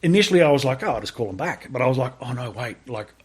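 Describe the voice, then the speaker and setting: Animated Australian man telling a story. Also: medium pitch, rapid-fire, slightly rough. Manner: swears freely, animated retelling with quoted dialogue. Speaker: podcast guest, army veteran. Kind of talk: casual storytelling interview.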